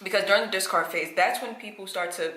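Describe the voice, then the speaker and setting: A woman's voice: mid-range voice, quick pace, pushed and bright, roomy sound, poor audio. A woman telling her own story to the camera in a candid personal vlog, her speech full of "like" and "um" fillers. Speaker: vlogger.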